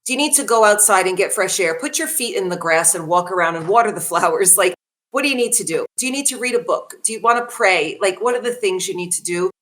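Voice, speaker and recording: A woman in her forties speaking as a wellness guest on a podcast, animated and laughing readily, often asking listeners questions. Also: mid-range voice, fast. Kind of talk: conversational podcast talk.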